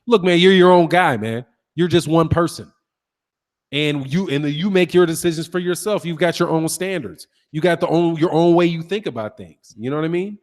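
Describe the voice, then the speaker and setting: A man chatting casually on his boxing talk show, telling animated stories and laughing often. His voice sits a little high. It rings out with a long reverb, as if he is in a large, hard room. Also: normal speed. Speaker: boxing channel host. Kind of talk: casual livestream chat reading comments.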